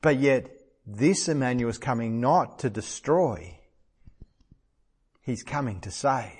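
A man's voice: mid-range voice, expressive, slow, husky. A middle-aged man preaching a sermon, earnest and emphatic, repeating phrases for stress.

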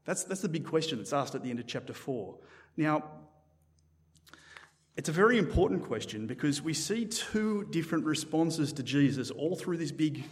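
A man preaching a sermon in a church in a conversational, animated way, often restarting his sentences. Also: on the high side, normal speed, in a large hall. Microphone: microphone.

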